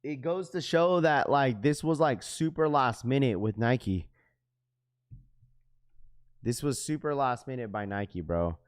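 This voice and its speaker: A man's voice: mid-range voice, measured pace, pauses often. A man hosting a sneaker livestream, talking casually to chat in heavy slang. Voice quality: slangy, says "bro" often.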